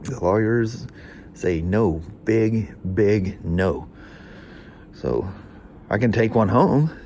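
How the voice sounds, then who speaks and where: A man's voice: on the low side, lively intonation, drawn-out words, darkish tone, a little hiss or hum. A man with a nasal, hay-fever voice, chatting casually as a motorcycle mechanic in a workshop vlog, rambling with restarts and small chuckles.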